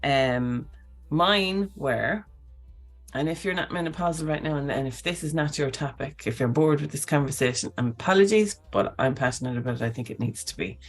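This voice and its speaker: A woman, hosting a casual live talk in an animated, chatty way, often tagging on okay and right. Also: deep voice, normal speed, soft background music. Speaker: host.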